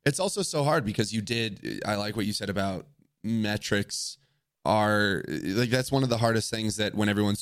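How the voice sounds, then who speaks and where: A man's voice: fairly low pitch, normal speed, fairly bright tone, smooth, no room sound. Podcast host guy talking straight, kinda blunt, dry close mic. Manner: blunt, frank, swears casually. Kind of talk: casual podcast chat.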